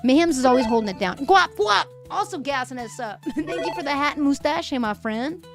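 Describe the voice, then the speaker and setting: A woman's voice: sits high, expressive, brisk. A young woman hosting a live stream, chatting casually and reading viewer messages aloud with frequent laughs, her voice a little worn. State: voice a bit fried. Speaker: livestream host. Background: faint music.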